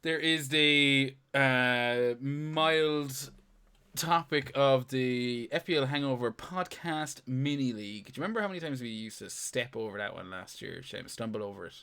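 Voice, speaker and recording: A man's voice: medium pitch, moderate pace, bright, forceful tone, smooth. A young man co-hosting a podcast, rambling, joking and swearing in casual banter. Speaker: podcast co-host.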